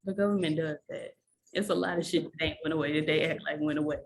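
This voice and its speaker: A woman's voice: sits low, steady tone, quick pace, a little hiss or hum. A young woman with a Southern US accent co-hosting a casual chat, with a dry, blunt, sarcastic manner. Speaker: podcast co-host.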